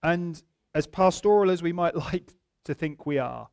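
Brief: male pastor, higher voice, chatty sermon delivery with jokes. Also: normal speed, gravelly, a little mellow, smooth. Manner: conversational preaching with humorous anecdotes.

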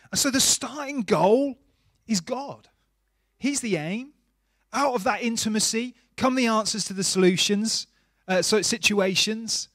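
High-voiced pastor preaching earnestly. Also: male voice, expressive, measured pace, long pauses, no room sound, clean studio sound. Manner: earnest, varies volume from soft hush to emphatic. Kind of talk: sermon. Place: church.

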